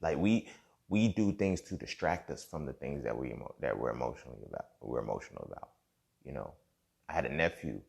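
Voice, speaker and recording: A creaky, rumbling low voice belongs to a young male podcast host. He talks in a laid-back, reflective monologue, going over the same ground and frequently tossing in "you feel me."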